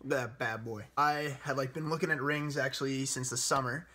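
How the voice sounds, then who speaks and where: Young man in his 20s, bright forceful voice, animated casual storyteller. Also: mid-range voice, normal speed. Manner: animated, laughs often, quotes himself. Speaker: vlogger telling his proposal story.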